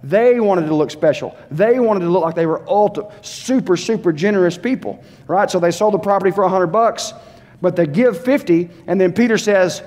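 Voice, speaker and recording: A man's voice: sits high, normal speed, darkish tone. A man preaching a sermon as pastor, conversational and questioning the congregation directly. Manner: conversational, asks the church questions, voices short quotes. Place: church sanctuary. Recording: long hall reverb.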